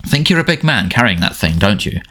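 A man's voice: lowish voice, very animated, brisk, bright, forceful tone. A man voicing a snarling teenage bully. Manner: snarling, taunting. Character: surly teenage boy bully, big and sneering.

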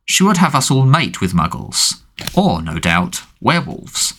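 A man voicing a cold, menacing male dark lord who speaks quietly and with contempt. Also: medium pitch, very animated, a little slow, pitched above the performer's own voice.

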